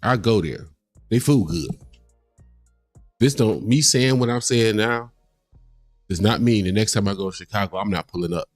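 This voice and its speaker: A man hosting a reaction livestream, ranting in casual, profane commentary with lively, heated emphasis. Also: on the low side, moderate pace, pauses often, no room sound, faint music behind.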